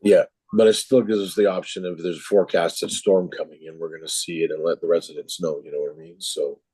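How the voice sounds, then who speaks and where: Losing his voice, a town councillor with a Canadian accent rambles casually and laughs often during a meeting in the council chamber. He speaks quickly and flatly in a low, warm, hoarse voice, captured in a dry, poor-quality recording.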